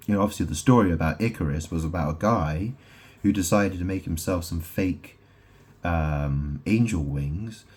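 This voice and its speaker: A man giving a rambling solo monologue, making grand declarations, then reading aloud haltingly and stumbling over names. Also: sits low, a little mellow, breathy edge. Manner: meandering, self-interrupting, reads aloud haltingly. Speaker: self-styled spiritual speaker.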